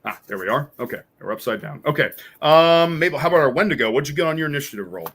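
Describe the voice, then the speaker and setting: Bright-voiced chatty man as game master. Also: fairly high pitch, animated, fast, husky. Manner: chatty, laughs easily, many fillers. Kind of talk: narrating a tabletop game.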